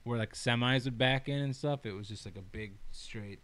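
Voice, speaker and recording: A man's voice: medium pitch, moderate pace, a bit bright. A young man co-hosting a podcast, telling work stories in a rambling casual way with lots of filler words and laughter. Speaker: podcast co-host. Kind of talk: casual storytelling chat.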